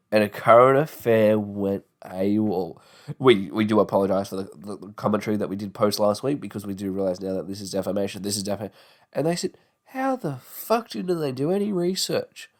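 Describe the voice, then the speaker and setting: His voice fairly low and animated at a normal speed, a young Australian in his twenties rambles on his own podcast. He swears a lot and mocks things with put-on voices, all while his tongue and jaw are sore.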